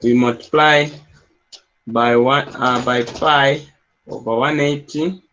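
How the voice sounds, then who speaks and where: Heard on a dull, lo-fi classroom recording with slight background noise, a maths teacher lectures slowly in a steady, medium-pitched, fairly bright voice. He says every step out loud and keeps asking his students "yes?" to check they follow.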